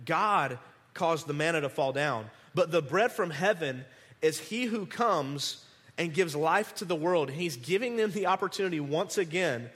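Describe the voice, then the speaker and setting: A man preaching a conversational sermon, animated, restarting words and acting out the people he quotes. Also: a little high, normal speed, in a large hall. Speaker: pastor.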